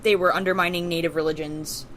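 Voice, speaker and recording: A woman's voice: lowish voice, fairly even intonation, fast talker, a bit bright, a little hiss or hum. A woman co-hosting a casual podcast, reading out history facts with many fillers and restarts. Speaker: podcast co-host. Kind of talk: casual chat.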